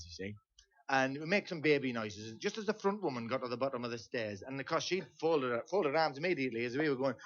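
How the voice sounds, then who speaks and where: A man's voice: mid-range voice, a bit bright. A man with a Teesside accent telling a rambling comic story on stage, with lots of "see?" asides. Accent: Teesside English. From Teesside, England. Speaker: folk singer and comedian. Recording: dull lo-fi VHS tape transfer.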